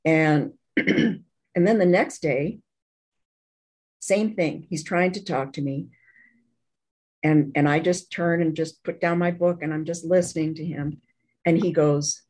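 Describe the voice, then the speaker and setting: A woman's voice: low-pitched, measured pace, long pauses, a little mellow, low-quality recording. A woman telling a painful personal story in an interview, candid and earnest, often restarting her sentences. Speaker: interview guest.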